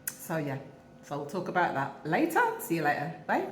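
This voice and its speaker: A woman's voice: low voice, very animated, moderate pace, roomy sound, a little hiss or hum. Chatty Wolverhampton woman in her fifties. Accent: Wolverhampton English. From England. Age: 50s. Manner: chatty, rambling, laughs often, talks while eating. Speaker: vlogger. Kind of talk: casual chat to camera. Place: home in Jamaica.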